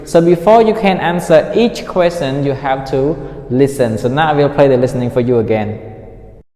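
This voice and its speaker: A man's voice: mid-range voice, moderate pace, mellow. A male English teacher running a listening lesson, repeating words to drill pronunciation and checking in with "right?" after each point. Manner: asks the class frequent "right?" checks. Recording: echoey room with long reverb.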